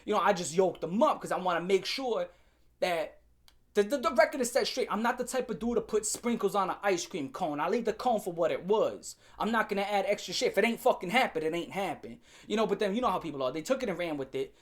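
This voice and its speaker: A man telling a story from his school days in a casual, profane rant, animated and laughing at times. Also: high voice, quick pace.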